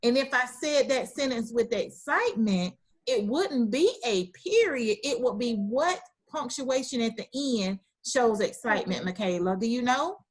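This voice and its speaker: A woman teacher runs an online class over a video call, frequently encouraging her students and praising their answers. Her voice is fairly high and expressive, and she reads sentences aloud slowly.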